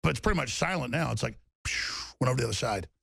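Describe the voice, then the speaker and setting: A man's voice: medium pitch, lively intonation, rapid-fire, creaky, pushed and bright, slightly rough, dry recording, studio quality. A man delivering an angry political rant, heated and emphatic, with mocking asides. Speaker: political commentator.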